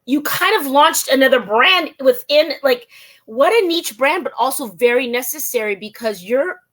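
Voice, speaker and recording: A woman with a high voice hosts an interview in casual chat. She is enthusiastic and rambles, breaking into exclamations as she talks. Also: expressive, moderate pace, fairly bright tone. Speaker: podcast host.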